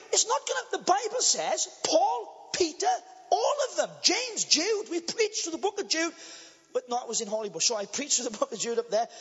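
A Welsh man preaching a sermon as pastor, impassioned and blunt, sometimes breaking into shouts. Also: extremely high pitch. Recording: long church reverb, dull lo-fi sound.

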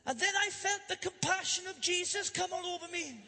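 A man preaching a humorous storytelling sermon to a church congregation, animated and jokey, building to loud emphatic bursts. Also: very high-pitched, a little fast. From Wales. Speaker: pastor. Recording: live church hall reverb.

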